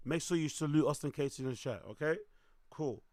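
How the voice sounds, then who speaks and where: A young man, his voice worn hoarse, chatting loosely to his livestream audience, repeating himself and swearing as he goes. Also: a little high, brisk, a little mellow, no room sound, studio quality. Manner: loose, repetitive, swearing, talks to chat. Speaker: livestream host. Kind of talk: casual livestream chat.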